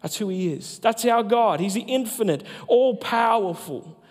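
A man, a pastor, preaching a sermon with emphatic delivery that slows down for key phrases. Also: sits high, expressive. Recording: long hall reverb.

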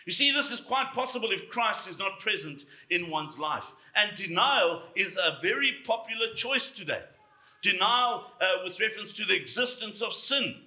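Bright-voiced man preaching in an echoey room. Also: sits high, lively intonation. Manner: emphatic, slows down for stress. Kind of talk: sermon.

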